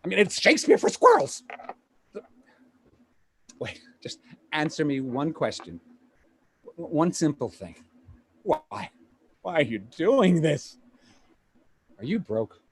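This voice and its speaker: A man's voice: a little high, huge pitch swings, husky, no room sound, exaggerated voice. A man playing a brash Hollywood agent. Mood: pushy. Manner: rapid, stammering, salesy patter. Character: brash fast-talking male Hollywood agent, pushy. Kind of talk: live play reading over video call. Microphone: home computer mic on a video call.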